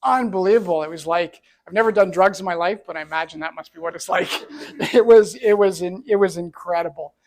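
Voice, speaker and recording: A man's voice: high-pitched, fairly quick, few pauses. A middle-aged man from Canada, an entrepreneur telling his own story in an earnest, reflective way. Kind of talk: personal storytelling talk.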